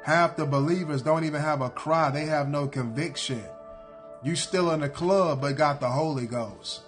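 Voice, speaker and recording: A man's voice: on the high side, normal speed, soft background music. A man preaching a sermon in a blunt, repetitive cadence, hammering his points again and again.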